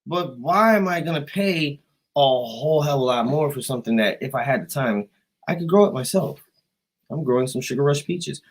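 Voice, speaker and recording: An American man rambling profanely on a livestream, jumping between loud outbursts and quiet asides. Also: a little high, expressive, normal speed, poor audio. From United States. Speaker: livestream host. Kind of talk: rambling casual livestream chat.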